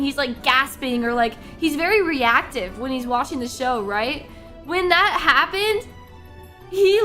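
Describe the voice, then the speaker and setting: High, bright young woman streamer. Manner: rambling, giggly, with many restarts and fillers. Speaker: VTuber streamer. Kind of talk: casual live-stream chat.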